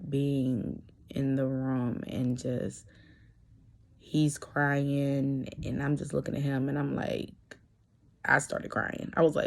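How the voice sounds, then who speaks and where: A woman's voice: low voice, creaky. A young adult woman talking candidly in a personal vlog, hesitant, with many fillers and restarts. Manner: candid and earnest. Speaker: vlogger.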